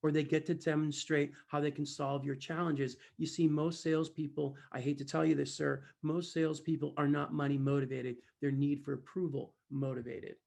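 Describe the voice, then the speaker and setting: Man, sales trainer, gravelly voice, fairly high pitch, lively storytelling talk. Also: moderate pace, hardly any pauses. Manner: animated, acts out dialogue, addresses listeners directly.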